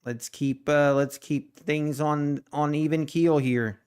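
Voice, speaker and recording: A man's voice: a little high, fairly even intonation, slow, darkish tone, clear, resonant tone. A middle-aged man, chatting casually on a trading livestream, laid-back and joking. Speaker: day trading livestream host. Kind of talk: casual live-stream chat.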